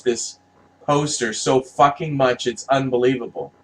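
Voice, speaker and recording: A man's voice: medium pitch, measured pace, fairly bright tone, low-quality recording. Passionate, swearing man ranting casually. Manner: passionate, swears a lot, rambling with restarts. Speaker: vlogger reviewing movie posters.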